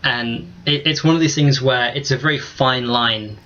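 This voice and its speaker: A man co-hosting a casual gaming chat, measured and thoughtful, pausing as he picks his words. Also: medium pitch, bright, forceful tone. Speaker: co-host in a gaming discussion. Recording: dull lo-fi sound.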